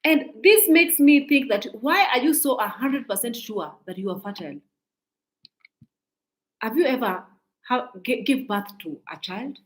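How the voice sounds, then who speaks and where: A woman's voice: on the high side, lively intonation, measured pace. Scolding woman in her forties, echoey room. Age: 40s. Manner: scolding, preachy, repeats herself. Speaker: social media commentator. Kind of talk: casual commentary monologue.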